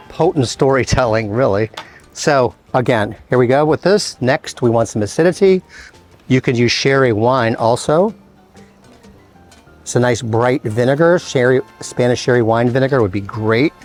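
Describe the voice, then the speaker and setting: A man at a middle pitch hosts a cooking demonstration as a chef. He explains each step in a relaxed, conversational way and drops in playful little asides. Faint music plays quietly behind him. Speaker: chef and show host.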